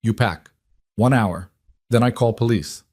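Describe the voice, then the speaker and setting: Heartless landlord with a foreign accent, as a male narrator puts him on, clipped broken speech, low and dry. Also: unhurried, darkish tone, no echo. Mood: cold, blunt. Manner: blunt, clipped broken English. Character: cold, thick-set foreign landlord, callous.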